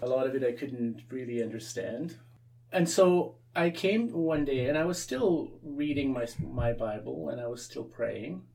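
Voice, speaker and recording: A Canadian man, a priest, tells a personal story in an interview. His voice is gravelly and sits at a middle pitch, and he stumbles over words and starts sentences again. He sounds a little far from the microphone. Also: lively intonation, measured pace, a little mellow. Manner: repeats words and restarts often, acts out quoted voices. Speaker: Anglican priest, interview guest.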